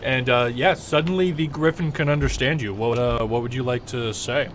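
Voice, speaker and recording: A man's voice: mid-range voice, normal speed, slight background noise. A man running a tabletop game as game master, narrating casually with many fillers.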